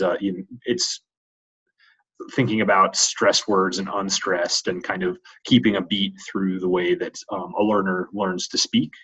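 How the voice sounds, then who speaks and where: A man's voice: fairly low pitch, a bit bright, husky. A man teaching a course, introducing the week's reading in a hesitant way with many fillers. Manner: hesitant, many ums and restarts. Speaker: course instructor. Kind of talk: recorded weekly lecture intro. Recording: dull lo-fi recording.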